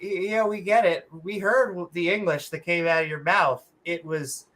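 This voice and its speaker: A woman co-hosting a podcast, her voice bright and forceful. She rants bluntly with sarcastic jabs and the odd curse, in a loose, casual chat. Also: lowish voice, fairly even intonation, normal speed. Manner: blunt, sarcastic, swears freely. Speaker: podcast co-host.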